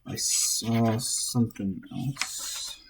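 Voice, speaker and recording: A man who is not a native speaker, teaching pitch accent in an informal way, thinking aloud with asides and restarts. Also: very slow, vocal fry, a little hiss or hum. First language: English. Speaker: language teacher. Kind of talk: explaining Japanese pitch accent.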